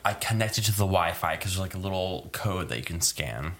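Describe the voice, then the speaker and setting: Very low man with heavy vocal fry. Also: animated, fairly quick, a bit bright. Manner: crude, swears freely, distracted by his phone. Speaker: podcast co-host. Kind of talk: casual chat.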